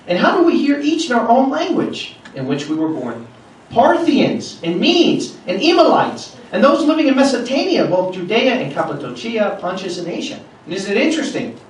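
A man's voice: high voice, distant mic, a little hiss or hum. A man preaching a sermon, reading scripture aloud with rising intensity and then explaining it in plainer talk. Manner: animated, rises loudly when reading scripture. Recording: echoey room, speaker off-mic.

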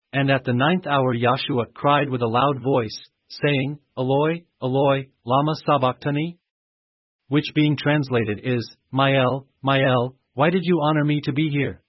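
A man giving a steady, measured reading of scripture. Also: medium pitch, no room sound. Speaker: scripture reader. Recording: muffled dry recording.

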